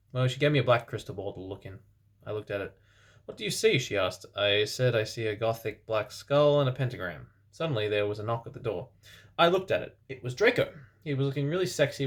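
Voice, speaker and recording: A man reading fan fiction aloud for comedy, deadpan, with sarcastic asides. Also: lowish voice.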